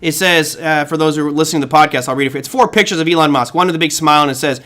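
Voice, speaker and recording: A middle-aged man with a fairly high voice hosts a live trading stream. He talks through the markets casually, thinks aloud and reads viewer comments as he goes. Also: very fast, a bit bright. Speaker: trading show host.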